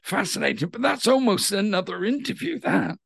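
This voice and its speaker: Middle-aged west country guy, panto actor, high voice, gravelly, chatty and keen. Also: brisk, no echo, studio quality. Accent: West Country English. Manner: chatty and enthusiastic, animated storytelling. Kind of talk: casual interview chat.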